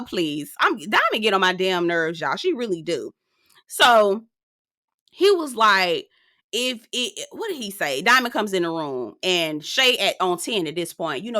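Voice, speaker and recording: A woman giving a sassy, animated recap of a reality show in casual commentary. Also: no echo, clean studio sound. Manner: sassy, animated storytelling, swings pitch for emphasis.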